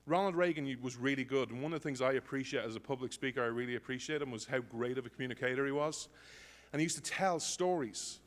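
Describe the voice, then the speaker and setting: Male emcee, chatty joke-teller, stage mic, long hall echo. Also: medium pitch. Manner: jokey, apologetic, chatty. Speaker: emcee filling time before a speaker. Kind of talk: joke-telling stage banter. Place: large conference hall. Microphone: stage microphone.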